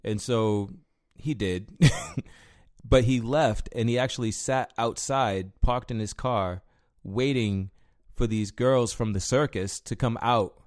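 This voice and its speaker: In a casual chat, a man with a mid-range voice slowly tells rambling stories about working as a bar bouncer. He leans heavily on filler words and swears freely.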